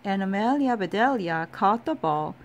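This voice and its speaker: A woman's voice: mid-range voice, expressive, moderate pace. Woman reading a bedtime story.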